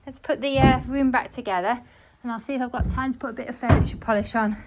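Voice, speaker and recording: A cleaning vlogger with a fairly high voice chats to viewers while tidying her living room at home, moving around as she talks. She speaks at a quick pace with fairly even intonation, and the recording is very noisy.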